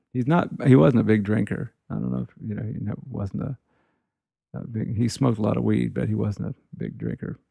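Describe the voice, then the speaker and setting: Middle-aged male guitarist, gravelly, casual rambling storyteller. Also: lowish voice, warm tone, no room sound, clean studio sound. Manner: rambling anecdotes peppered with "you know". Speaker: guitarist telling tour stories.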